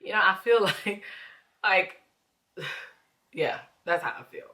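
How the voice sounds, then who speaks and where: A woman's voice: mid-range voice, expressive, takes it slowly, pushed and bright. A woman talking openly to her viewers in a reflective vlog, calling them "y'all" as she works through her emotions. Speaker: vlogger. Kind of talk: candid reflective vlog talk.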